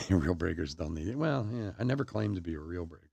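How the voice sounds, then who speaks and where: A middle-aged man chats on a live card-break stream, rambling through stories and breaking into laughter. His voice sits low with a gravelly edge, picked up dry and close on a desk mic. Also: animated, fast talker, a little mellow, dry recording. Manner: storytelling, laughs often. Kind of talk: casual live-stream chat. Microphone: desk mic on a stream setup.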